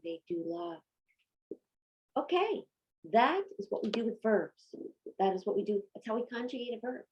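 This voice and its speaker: A woman's voice: medium pitch, lo-fi sound, slight background noise. A woman giving a patient homeschool Latin lesson, asking and answering her own questions. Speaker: Latin teacher.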